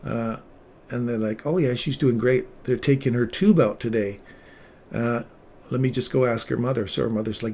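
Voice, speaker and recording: Male streamer host, mid-pitched, sincere and emotional storyteller, low faint noise in the room. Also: normal speed, darkish tone. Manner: earnest, emotional storytelling, drops to near-whisper at tender moments. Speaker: livestream trading host, former paramedic. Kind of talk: casual livestream chat.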